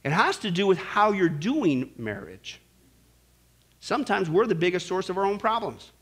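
Male pastor, bright high voice, lively storytelling sermon. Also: moderate pace, husky. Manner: animated storytelling, frequent "listen" and "right?".

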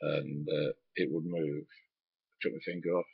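Deep husky man telling a story. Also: little pitch movement, measured pace, dry recording. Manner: swears casually, many ums and asides. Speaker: former truck driver. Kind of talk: rambling spoken anecdote. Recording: dull lo-fi recording.

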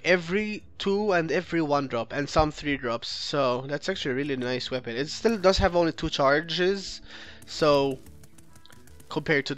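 A man with a somewhat high-pitched voice talks through his own card game match as a let's play host. He thinks out loud, restarts his sentences and corrects himself, and critiques his opponent's plays. Soft music plays faintly underneath. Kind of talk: gameplay commentary.

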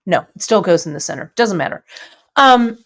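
A woman's voice: medium pitch, animated, normal speed. A middle-aged woman hosting a live jewelry-making stream, chatting with viewers in a friendly, rambling way full of fillers. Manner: chatty, warm greetings to viewers, many fillers. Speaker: bead shop host. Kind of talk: casual live-stream chat and jewelry demo.

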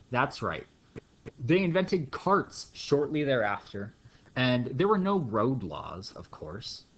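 With a mid-range, fairly bright voice, a man delivers a playful, jokey math lecture, weaving stories and acted bits into the lesson. The recording has its highs cut off.

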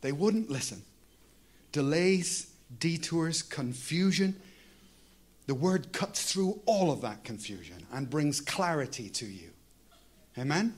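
Higher-voiced male pastor preaching. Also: sing-song, slow, breathy edge. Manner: conversational preaching, prompting the congregation with "Amen?". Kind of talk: sermon.

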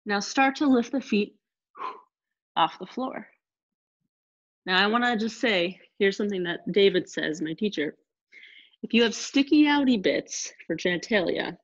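A woman teaching a live online yoga class, giving calm step-by-step cues between sighs and exhales. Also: medium pitch, moderate pace, long pauses, highs cut off. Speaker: yoga instructor.

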